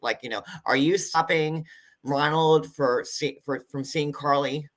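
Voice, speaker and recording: A man hosts the interview in a loose, playful way and jokes with his guest. His voice is bright and slightly high, with a forceful edge. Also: fairly even intonation, a little slow. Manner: jokey, playful, laughs easily. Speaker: interview host. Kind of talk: casual interview chat.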